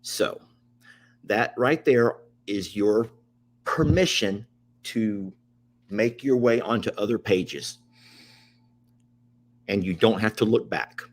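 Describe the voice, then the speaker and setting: A man's voice: lowish voice, slow, pauses often. A middle-aged man who hosts his own ranch channel, talking straight to camera in an emotional, upset rant, repeating himself for emphasis. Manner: impassioned, repetitive, Southern-style plain talk.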